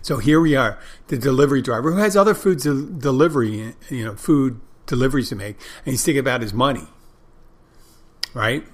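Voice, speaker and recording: A man's voice: medium pitch, fairly quick. A man hosting a podcast, talking in a casual, rambling monologue, blunt and swearing freely, often restarting and repeating himself. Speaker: podcast host.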